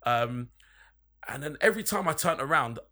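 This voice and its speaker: A man's voice: medium pitch, lively intonation, normal speed, pushed and bright. A young man telling a long, rambling, sweary anecdote in casual chat among friends. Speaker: podcast storyteller.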